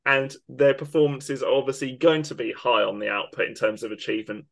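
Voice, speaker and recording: A man's voice: mid-range voice, steady tone, a little fast, vocal fry, a bit bright. A man co-hosting a football podcast, ranting with emphatic indignation. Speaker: podcast co-host. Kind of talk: opinionated football podcast rant.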